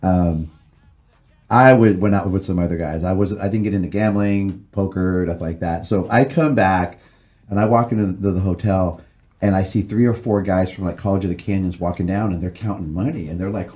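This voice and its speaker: A man hosting a podcast, chatting casually and telling a story in a relaxed way. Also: low voice, brisk. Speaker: podcast host. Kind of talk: casual chat.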